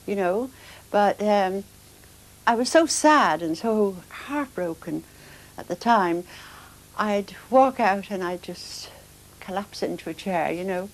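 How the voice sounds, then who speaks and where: A woman speaking softly and with emotion in an interview. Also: medium pitch, lively intonation, takes it slowly, rough recording. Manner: soft-spoken, emotional, reflective.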